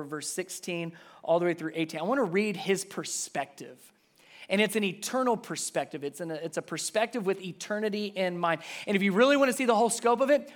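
Conversational male pastor preaching. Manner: conversational preaching, rises high and loud telling stories. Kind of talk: sermon.

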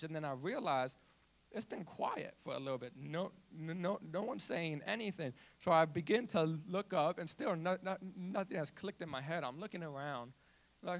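A man's voice: on the high side, moderate pace. A young man with a stutter telling his personal testimony, often restarting words and telling the story with animation. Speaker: youth ministry volunteer.

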